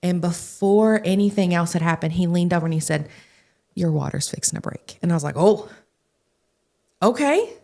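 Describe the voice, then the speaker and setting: A young adult woman, a young adult pastor, telling stories in a podcast interview, animated and acting out the voices of the people she quotes. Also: on the low side, fairly quick, gravelly. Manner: animated, acts out quoted voices, laughs often. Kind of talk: casual storytelling in a podcast interview.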